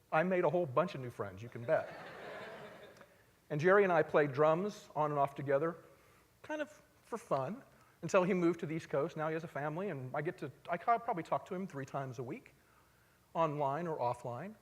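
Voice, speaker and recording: Guy on stage telling stories, kinda high voice, booms then goes quiet, big hall echo. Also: fairly quick. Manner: conversational, swings between loud emphasis and quiet asides. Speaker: speaker at a live talk event. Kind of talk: storytelling stage talk. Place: large hall, on stage before an audience. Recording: long hall reverb.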